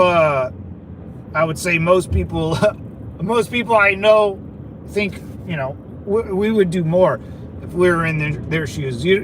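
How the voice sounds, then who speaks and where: A man's voice: high-pitched, noisy background. A middle-aged man hosting a casual livestream, chatting loosely and reading viewer comments. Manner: loose, rambling, slangy, calls viewers brother. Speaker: livestream host.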